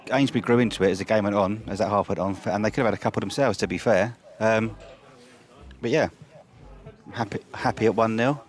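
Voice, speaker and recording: Man, match interview, measured and analytical, lowish voice.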